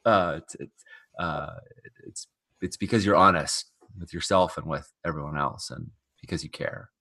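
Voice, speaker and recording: A man playing a tabletop roleplaying game, speaking in halting bursts with many restarts. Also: low-pitched, bright, forceful tone, no echo. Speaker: player. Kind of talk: actual-play roleplay chat.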